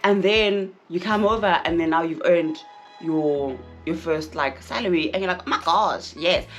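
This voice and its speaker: A young South African woman chats candidly to her camera with a slightly low-pitched voice. She speaks frankly and doubles back on phrases to drive her points home. Faint music hums in the background. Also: moderate pace, muffled recording. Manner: frank and chatty, repeats phrases for emphasis. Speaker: vlogger. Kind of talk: casual candid vlog talk to camera.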